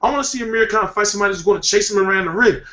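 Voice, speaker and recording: A man hosting a boxing talk show, giving a rambling, profane, animated rant in casual commentary. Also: sits high, rapid-fire. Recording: echoey room, dull lo-fi sound.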